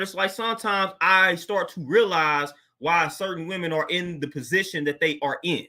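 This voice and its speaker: A man's voice: high voice, moderate pace, pushed and bright. A man hosting his own show, talking casually in a laid-back, slang-filled monologue and laughing often. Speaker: podcast host.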